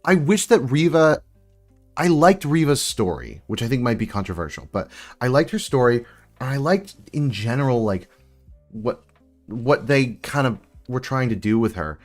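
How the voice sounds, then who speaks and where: A man's voice: medium pitch, very animated, moderate pace, faint music behind. A man hosting a casual building live stream, rambling and chatting with viewers as he works. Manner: chatty, rambling, answers chat while building. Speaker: livestream host building sets.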